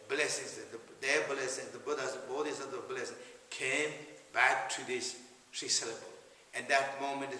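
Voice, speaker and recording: A man with a Tibetan accent giving a meditation teaching, speaking in halting, repetitive phrases. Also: medium pitch, bright, forceful tone, slight background noise. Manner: halting, repeats phrases, non-native English phrasing. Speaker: Buddhist teacher. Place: large retreat hall. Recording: echoey hall from far off.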